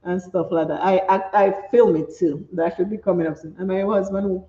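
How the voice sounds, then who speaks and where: A middle-aged woman, chatting and telling stories while doing her makeup, animated and laughing often. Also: fairly low pitch, normal speed. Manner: animated, laughs often, acts out quoted speech. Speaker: makeup vlogger. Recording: roomy, slightly dull home recording.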